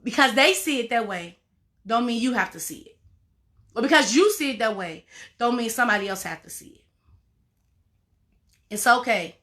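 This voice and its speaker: Emphatic high bright-voiced woman coach. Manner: emphatic, repeats phrases, informal; addresses listeners as y'all and baby. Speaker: life coach. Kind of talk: motivational talk to viewers.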